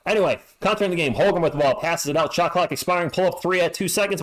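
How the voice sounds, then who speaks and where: A man doing fan play-by-play on a live stream, excitable and yelling on big plays, into a home streaming mic that clips. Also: on the high side, racing, few pauses.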